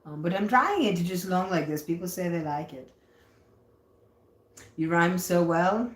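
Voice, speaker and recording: A woman's voice: on the low side, expressive, a little slow, pauses often. A woman chatting casually on a livestream, reading viewer comments aloud and answering them playfully. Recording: roomy echo.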